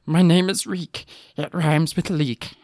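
Broken young male captive, read by a man: thin, weak, squeaky, pleading, pitched high. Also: steady tone, takes it slowly, darkish tone, dry recording, clean studio sound. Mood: tearful. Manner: pleading and trembling. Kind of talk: dramatic book reading.

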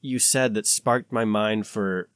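A man's voice: fairly low pitch, takes it slowly, clear, resonant tone, dry recording. Rambling man with a dry close voice. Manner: rambling, filler-heavy, animated. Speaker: podcast co-host. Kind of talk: casual conversation.

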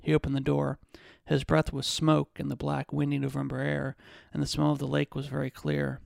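A man, a podcast host, reading a novel excerpt aloud at a measured pace, with occasional restarts. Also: fairly high pitch, monotone, gravelly, a little mellow, no echo, studio quality.

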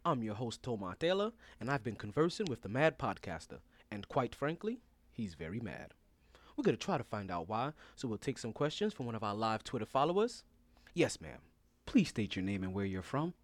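A man's voice: mid-range voice, sing-song, a little fast. A man hosting a sports podcast with playful, slangy hype-man banter. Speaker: podcast host.

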